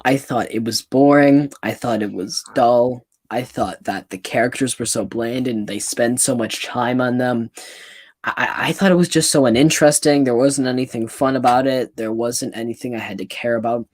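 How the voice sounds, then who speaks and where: A young man hosts a casual interview chat. He gives his opinions flatly and bluntly, then jumps in with quick follow-up questions. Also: medium pitch. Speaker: host, interviewer.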